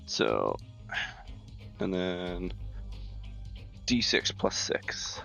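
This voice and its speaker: A man playing a tabletop game as a player, talking in a halting way with many ums and uhs. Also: sits low, big pitch swings, gravelly, pushed and bright, faint music behind. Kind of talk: tabletop role-play as a player.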